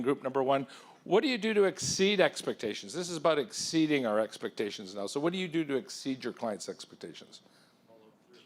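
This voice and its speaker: A man giving an interactive talk at a conference, firing questions at the audience in an energetic, persuasive way. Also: a little high. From England. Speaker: keynote speaker. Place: conference hall.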